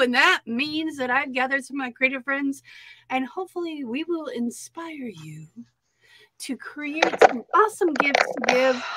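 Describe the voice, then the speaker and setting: A woman's voice: high-pitched, bright, forceful tone, no room sound, rough recording. A woman hosting a casual art live stream, bubbly and playful with sing-song exclamations.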